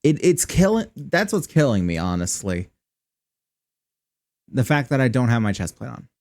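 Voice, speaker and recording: A man's voice: medium pitch, sing-song, moderate pace, darkish tone. A man chatting wryly through casual live gameplay commentary, swearing when annoyed, on a close desk mic run through a voice changer app. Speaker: streamer.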